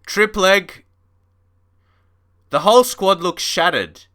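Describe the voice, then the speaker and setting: A man's voice: high-pitched, big pitch swings, slow pace, sharp tone. A man commentating casually on a live stream of a football management game, chatty and mock-frustrated, laughing and talking to his chat.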